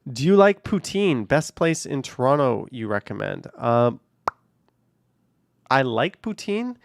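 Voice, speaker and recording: Gravelly, easygoing male streamer. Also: medium pitch, sing-song, slow, no echo. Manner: easygoing, thanks viewers and answers questions. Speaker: live streamer reading chat. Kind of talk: casual live-stream chat. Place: car, driving around the city.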